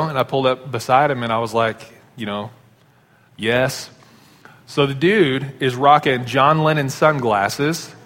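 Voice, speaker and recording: A pastor preaching a sermon, telling stories in a conversational way. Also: male voice, mid-range voice, fairly bright tone. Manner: conversational storytelling. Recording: long hall reverb.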